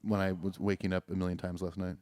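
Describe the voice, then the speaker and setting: A man co-hosting a casual podcast, trading quick crude jokes. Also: deep voice, flat delivery, darkish tone, dry recording, clean studio sound. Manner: quick, joking, crude humor. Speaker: podcast co-host.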